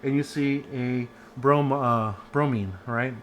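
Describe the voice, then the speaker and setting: A man's voice: medium pitch, fairly even intonation, slow pace, a little hiss or hum. A man giving a casual online chemistry lecture from home, chatty and rambling with many fillers and restarts.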